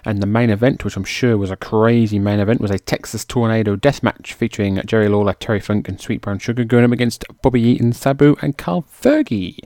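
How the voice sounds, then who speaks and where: A man's voice: fairly low pitch, brisk, hardly any pauses, warm tone, no echo, studio quality. A man hosting a podcast in a chatty, self-mocking way, now and then tripping over names. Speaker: podcast host. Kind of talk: casual podcast narration.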